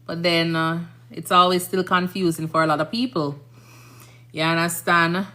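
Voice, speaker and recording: Jamaican woman, 30s, nurse live-streamer; low, bright tone, rambling casual chat. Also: fairly even intonation, normal speed. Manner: chatty, rambling, frequent "you understand?".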